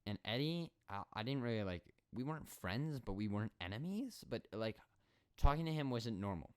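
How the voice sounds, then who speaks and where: A twenty-year-old man hosting a solo podcast, telling school stories in an animated, rambling, sarcastic way. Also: mid-range voice, brisk. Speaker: podcast host.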